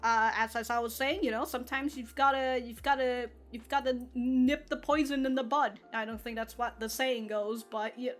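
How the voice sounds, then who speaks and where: A woman's voice: fairly high pitch, fairly even intonation, moderate pace, soft background music. A woman hosting an anime reaction video, rambling in casual commentary, laughing often and swearing freely. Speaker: anime reaction channel host.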